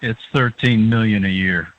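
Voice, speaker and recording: A man's voice: lowish voice, moderate pace, dull audio. A man who is a guest on a radio talk show, explaining in a lecturing way and often checking in with "okay".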